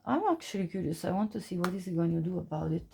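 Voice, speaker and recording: A woman's voice: lowish voice, quick pace, gravelly, warm tone, slight background noise. Woman tarot reader, casual and chatty, laughs easily, talks with fillers and restarts. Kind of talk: casual pick-a-card tarot reading.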